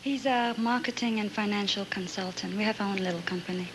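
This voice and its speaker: Relaxed woman contestant, noisy. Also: medium pitch, fast. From Singapore. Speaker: pageant contestant. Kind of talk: live stage interview. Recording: noisy live stage recording.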